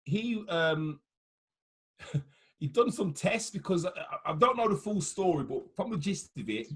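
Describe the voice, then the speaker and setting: A man's voice: high voice, very animated, a little slow, breathy edge. A man with a Birmingham accent, co-hosting a podcast, rambling with many ums. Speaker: podcast co-host. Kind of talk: casual chat.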